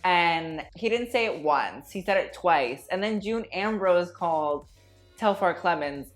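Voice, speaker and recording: A woman's voice: lowish voice, lively intonation, unhurried, soft background music. Snarky, gossipy woman. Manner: sarcastic, profane, gossipy. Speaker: fashion commentator. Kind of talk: casual commentary.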